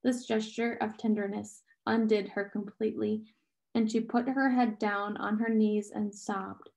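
A young adult woman reading a novel aloud, with occasional slips and restarts, raising her pitch for characters' dialogue. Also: level tone, unhurried, a little mellow. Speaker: audiobook reader.

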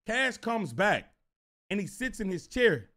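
A man telling a casual storytime, animated and profane, repeating himself as he goes. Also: sits high, a little slow. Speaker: storyteller vlogger.

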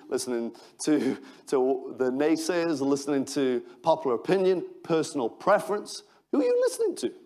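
A man's voice: on the high side, a little mellow. A man with an English accent preaching an impassioned sermon as pastor, reading scripture aloud and calling out to the congregation. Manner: impassioned preaching with call-outs and Bible reading. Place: church in Manchester.

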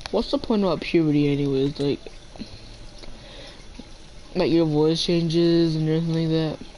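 A man's voice: fairly high pitch, fairly even intonation, moderate pace, warm tone, slight background noise, rough recording. A teenage boy chatting casually while playing a video game, playful and talking to the animals in the game. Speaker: gamer. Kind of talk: casual gameplay chat.

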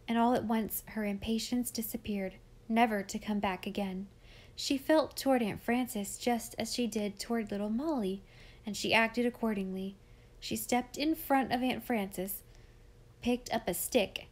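A woman narrating a classic children's novel aloud in a measured, expressive reading. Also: fairly high pitch. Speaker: audiobook reader. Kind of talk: scripted storybook narration.

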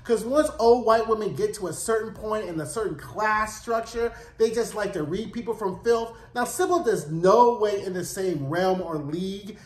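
Cussing, animated man reviewing a show. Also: sits high, normal speed, few pauses, echoey room. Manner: profane, animated, opinionated. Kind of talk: casual recap rant.

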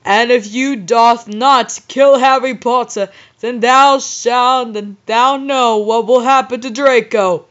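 A woman reading the lines of a dark lord villain who speaks slow mock old English. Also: a little high, steady tone. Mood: commanding. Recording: dull lo-fi recording.

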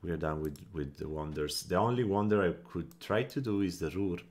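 A man giving casual commentary on his strategy game, thinking aloud, counting under his breath and flashing quick annoyance at setbacks. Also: low voice, a little mellow. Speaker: gameplay commentator.

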